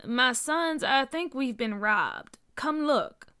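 A woman voicing a protective father who speaks in a calm but stern, measured way. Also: high voice, clean tone, no room sound, studio quality, full character voice. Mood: urgent.

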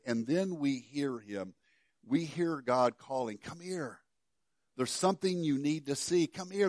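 A middle-aged pastor preaching a sermon, telling a story with many stammered restarts and dropping to soft, quiet passages. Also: male voice, medium pitch, no echo, clean studio sound.

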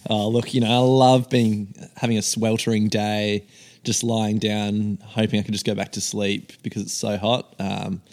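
A man's voice: lowish voice, little pitch movement, normal speed, a little mellow. A young man with an Australian accent chatting casually as a podcast guest in a studio, easygoing and brief in his answers. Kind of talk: casual chat.

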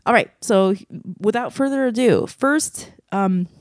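A woman's voice: a little high, a little slow. A woman hosting a podcast, chatty and rambling, with self-deprecating asides. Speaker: podcast host. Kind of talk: casual podcast chat.

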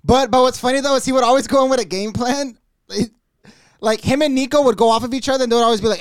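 Brief: male podcast co-host, high smooth voice, lively storyteller, dry close mic. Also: fast, no room sound. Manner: animated storyteller, swears freely. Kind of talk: casual chat.

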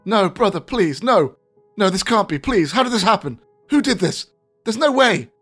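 A man's voice: high voice, big pitch swings, moderate pace, fairly bright tone, slightly rough, soft background music, pitched above the performer's own voice, exaggerated voice. A man voicing a despairing young woman who pleads frantically.

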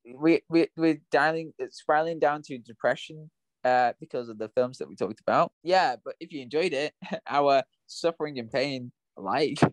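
A man's voice: fairly high pitch, normal speed, dry recording. A man co-hosting a film podcast in casual chat, flustered and apologetic, stammering often. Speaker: podcast co-host.

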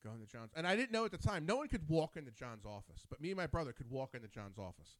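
Male talk-show host, New Jersey native, rapid lively storyteller, dry close sound. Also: fairly high pitch, no echo. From New Jersey, USA. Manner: animated storyteller, quick and rambling. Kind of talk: casual chat.

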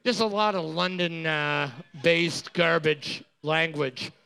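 A man co-hosting a casual trivia show, tossing in quick quips and tallying scores. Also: a little high, gravelly, sharp tone, smooth. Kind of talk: casual podcast banter.

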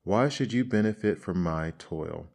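A man's voice: deep voice, measured pace, vocal fry, darkish tone, exaggerated voice. A man voicing a stern, hardworking ant who lectures and sneers in a storybook reading. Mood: scornful. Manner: scolding, sneering.

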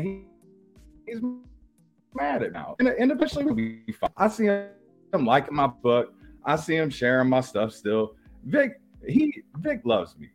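A man's voice: fairly high pitch, vocal fry. A man giving a brash, streetwise wrestling rebuttal, boasting about his titles. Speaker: podcast co-host, wrestler responding.

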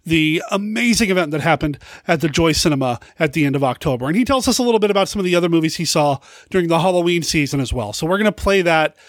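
A podcast host talks casually and with enthusiasm in a fairly high voice. The sound is dry and close. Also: male voice, animated, fast talker, few pauses, no echo. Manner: enthusiastic, rambling.

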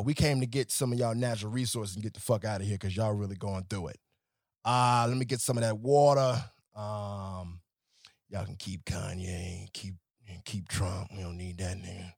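A chill, foul-mouthed alien guy, as a man puts him on, loose casual talk that sinks low and quiet, dry close sound. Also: creaky, no echo. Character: laid-back, blunt alien visitor, male.

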